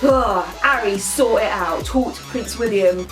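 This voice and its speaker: A woman's voice: mid-range voice, measured pace, music in the background, pitched below the performer's own voice, close to an everyday voice. A woman playing a cocky, rambling young woman who says "mate" constantly in a comedy monologue. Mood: brash. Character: cocky young woman, slangy, chatty, full of herself.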